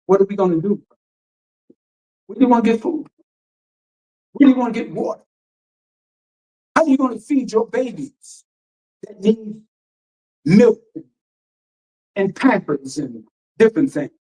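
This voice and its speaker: A warm, high, expressive male voice, a little slow and pausing often, delivers a radio teaching sermon on a rough recording. The minister preaches emphatically, reads passages aloud with explanations and fires rhetorical questions.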